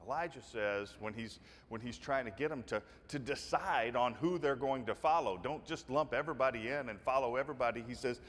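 A man's voice: medium pitch, a little fast, a bit bright, in a large hall. A man preaching a sermon, retelling a scripture story in casual, folksy words with many restarts.

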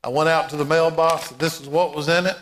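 A man preaching a sermon as pastor, emphatic, with repeated calls and rising shouts. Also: fairly high pitch, little pitch movement, a little fast, long reverb tail, slight background noise.

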